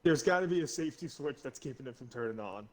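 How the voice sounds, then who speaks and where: A man's voice: mid-range voice, animated, fast. A young man from Florida, co-hosting a casual drinking stream and rambling through stories with frequent laughs. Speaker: co-host.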